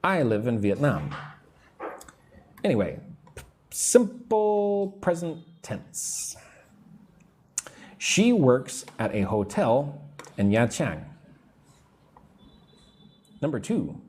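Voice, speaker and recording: A man with a medium-pitched, sing-song voice and a darkish tone teaches English in a live online lesson. In a drawn-out, patient manner, he walks through grammar step by step and answers viewer comments.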